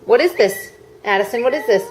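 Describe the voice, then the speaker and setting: A woman's voice: on the high side, lively intonation, brisk, a little mellow, slight background noise. A mother using baby talk with her toddler, coaxing and repeating questions in a singsong way.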